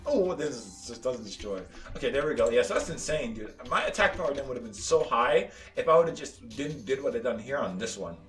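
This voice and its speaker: A man's voice: mid-range voice, sing-song, a little fast, hardly any pauses. A young man casually commenting on his own gameplay, rambling with lots of "like" and "dude" and stammered repeats. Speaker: gaming YouTuber. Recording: roomy, slightly distant mic with faint game music.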